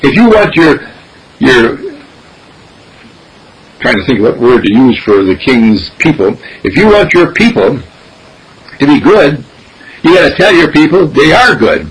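A man giving an animated spiritual teaching, repeating phrases and acting out dialogues. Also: medium pitch, measured pace, pauses often, slightly rough, rough recording. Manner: animated, repetitive, acts out dialogue.

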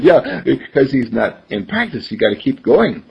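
A man's voice: medium pitch, big pitch swings, normal speed, hardly any pauses, a little mellow. An older man giving a conversational talk, telling stories and acting out the people in them, chuckling often. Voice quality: husky, gravelly. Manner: storytelling, acts out quoted voices, chuckles often. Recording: dull lo-fi recording.

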